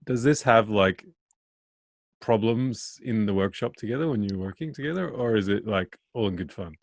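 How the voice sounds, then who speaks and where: A man's voice: on the low side, expressive, moderate pace, no echo, clean studio sound. A man hosting a podcast in casual chat, playfully prodding his guests for stories. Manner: playful, prodding, laughs along. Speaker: podcast host.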